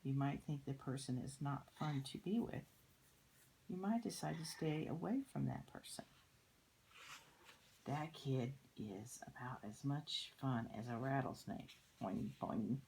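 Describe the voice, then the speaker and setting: An older woman reading a children's picture book aloud, soft-spoken and often slipping into a whisper. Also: very deep voice, measured pace, gravelly, slight background noise, low-quality recording.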